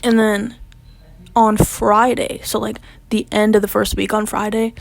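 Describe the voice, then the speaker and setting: A woman's voice: mid-range voice, little pitch movement, unhurried, gravelly. Chatty young woman telling a storytime. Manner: chatty, lots of "like" fillers, drops to whispers when reliving panic. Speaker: vlogger. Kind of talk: casual storytime.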